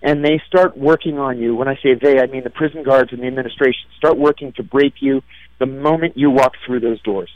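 A man's voice: mid-range voice, brisk, dry recording, lo-fi sound. A man being interviewed on the radio as a book's author, speaking emphatically in punchy, repeated phrases.

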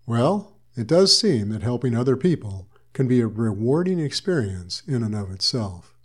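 A man hosting a podcast, giving a calm, measured scripted sign-off. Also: mid-range voice, husky. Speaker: podcast host. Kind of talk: scripted closing narration. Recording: voice over background music. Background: instrumental music.

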